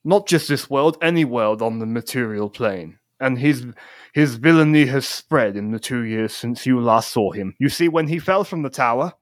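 A man voicing Santa Claus with a put-on Welsh accent, giving solemn, measured warnings. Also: mid-range voice, lively intonation, no echo, lightly acted. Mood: grave.

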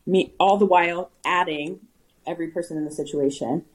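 A young adult woman co-hosting a casual chat, telling a story in a relaxed way and reacting to her friend with short sympathetic comments. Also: fairly low pitch, brisk, poor audio. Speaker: podcast co-host.

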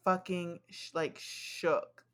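A woman's voice: fairly low pitch, flat delivery, slow pace, a bit bright. A young woman co-hosting a podcast in casual chat, blunt and teasing, swearing freely. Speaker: podcast co-host.

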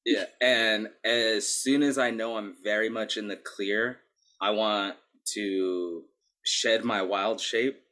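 A man's voice: fairly low pitch, steady tone, slow pace, bright, forceful tone. A man playing a tabletop game as a player, joking and laughing at his own lines.

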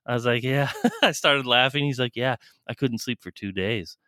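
A man's voice: mid-range voice, moderate pace, pushed and bright, no echo, studio quality. A man co-hosting a podcast, telling a rambling, laughing story with swearing in casual chat. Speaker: podcast co-host.

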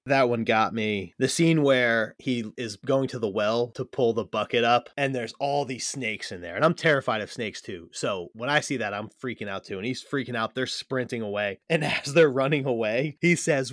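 A man's voice: medium pitch, dry recording, clean studio sound. A man co-hosting a podcast, chatting casually and enthusiastically about favorite comedy scenes, laughing often. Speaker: podcast co-host. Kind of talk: casual chat.

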